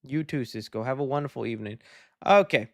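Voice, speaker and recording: A man hosting a casual livestream, chatting in a relaxed, friendly way while answering viewer donations. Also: mid-range voice, brisk, vocal fry, no room sound, clean studio sound. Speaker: livestream host.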